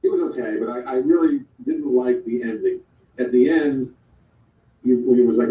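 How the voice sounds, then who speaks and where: A man co-hosting a casual chat, talking haltingly with many restarts. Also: medium pitch, mellow. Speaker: co-host. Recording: dull, echoey sound from far off.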